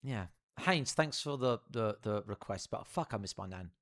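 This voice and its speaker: A man's voice: on the low side, animated, moderate pace, a bit bright. A young man telling a rambling, profane story to his live stream audience.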